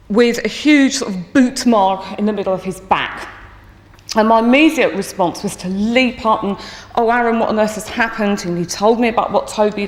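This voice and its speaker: A woman teacher telling a story from her school to an audience, lively and acting out her own thoughts. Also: mid-range voice. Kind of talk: storytelling talk. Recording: echoey hall with long reverb.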